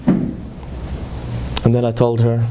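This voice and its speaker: A man's voice: medium pitch, monotone, drawn-out words, background noise. A middle-aged man, giving an earnest, heartfelt talk to parents. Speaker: speaker addressing parents. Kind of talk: emotional talk to a live audience.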